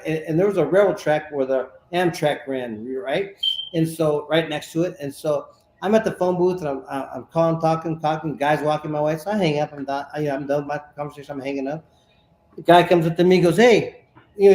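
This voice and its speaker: High-voiced man telling a boxing story. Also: reverberant, slight background noise. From Sacramento, California. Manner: animated storyteller, repeats words while talking. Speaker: interview guest, former boxer. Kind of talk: casual storytelling interview.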